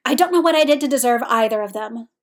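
A woman voicing a gruff older male coach who growls sarcastically, in a storybook reading. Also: fairly high pitch, animated, quick pace, lightly acted. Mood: sarcastic.

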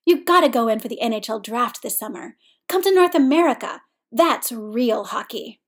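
A woman voicing a cocky adult man who shouts and cheers at a hockey game in a storybook reading. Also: fairly high pitch, lively intonation, normal speed. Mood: enthusing. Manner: shouting, exuberant. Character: loud cocky male hockey fan, adult.

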